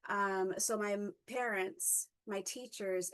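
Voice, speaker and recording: Woman, forties, reflective personal talk, mid-pitched, halting with fillers and self-corrections. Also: fairly bright tone. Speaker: guest speaker.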